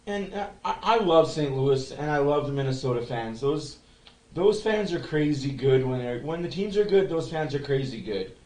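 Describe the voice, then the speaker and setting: Excitable man calling a hockey stream. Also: fairly high pitch, moderate pace, echoey room, low-quality recording. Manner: excitable, repeats himself, swears. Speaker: fan livestream host. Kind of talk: casual fan commentary.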